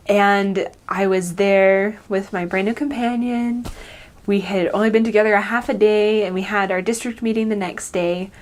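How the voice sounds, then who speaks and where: Young woman, returned missionary, animated storyteller who laughs a lot. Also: mid-range voice. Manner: animated, laughs often, acts out quoted voices. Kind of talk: personal storytelling.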